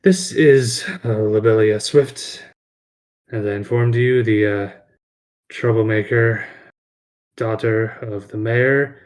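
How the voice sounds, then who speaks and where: A man's voice: lowish voice, steady tone, slow pace, long pauses. A man voicing a tired, impatient cleric who is fed up with unruly kids. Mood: exasperated. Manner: exasperated and impatient. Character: weary grown man, an exasperated cleric chaperone. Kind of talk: tabletop role-play voice.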